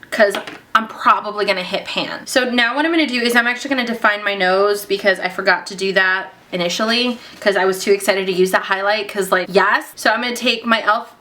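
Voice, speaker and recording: Bright-voiced young woman walking through makeup. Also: medium pitch. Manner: gushing, breaks into excited squeals. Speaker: beauty vlogger. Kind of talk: casual makeup tutorial narration.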